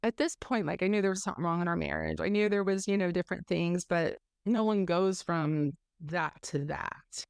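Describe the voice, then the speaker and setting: Candid woman with a lively, low voice. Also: normal speed, creaky, hardly any pauses, clean tone, no echo, studio quality. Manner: emotional, candid, swears freely. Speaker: guest telling her story. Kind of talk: personal story in an interview.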